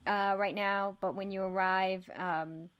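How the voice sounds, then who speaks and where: Slow, rambling woman game master. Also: mid-range voice, fairly even intonation, dull audio. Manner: rambling, lots of um and like. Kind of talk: narrating a tabletop game.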